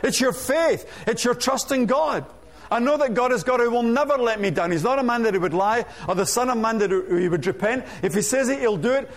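High-voiced man preaching a sermon. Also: fairly quick. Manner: energetic, rhetorical questions, humorous asides.

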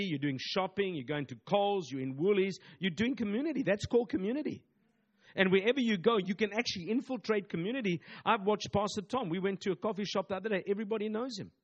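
A man's voice: sits high, fast, lo-fi sound. A man, a pastor preaching a sermon emphatically, with repetitive phrasing and call-and-response asides.

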